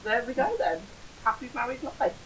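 A woman in her forties from Northamptonshire with an English accent, co-hosting a podcast in casual banter, teasing and laughing, at times dropping to a breathy whisper. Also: a little high, animated, normal speed, a little hiss or hum, rough recording. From Northamptonshire, England. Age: 40s. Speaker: podcast co-host.

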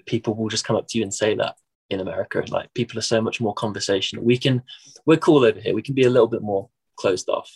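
A man's voice: lowish voice, steady tone, fast, vocal fry, a little mellow, breathy edge. A young English man with a Midlands accent, a musician chatting casually in an interview with lots of fillers and restarts. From England.

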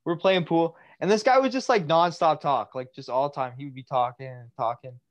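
A man's voice: a little high, a little fast. A young man on a podcast, telling a long rambling story with lots of fillers and laughing as he goes. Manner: rambling, filler-heavy, laughs through his stories. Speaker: podcast co-host. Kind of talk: casual storytelling chat.

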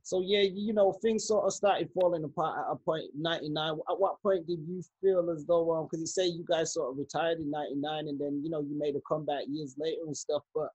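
A man hosts a casual interview in a relaxed, loose way. His voice is slightly high and husky. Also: brisk, hardly any pauses, rough recording. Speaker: podcast host.

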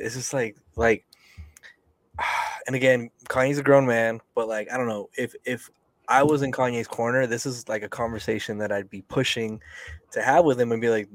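A man's voice: medium pitch, fairly even intonation, normal speed, no echo. A young man venting on a casual podcast, swearing and sighing as he gets worked up. His voice sits in an ordinary middle range. The sound is close and dry, with no room in it. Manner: heated, profane ranting with sighs. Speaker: podcast co-host.

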